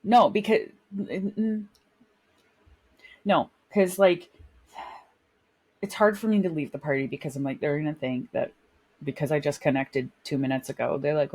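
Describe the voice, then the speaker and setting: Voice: mid-range voice, steady tone, moderate pace, long pauses, a little mellow, husky. A podcast co-host in casual chat, rambling and self-mocking, laughing often.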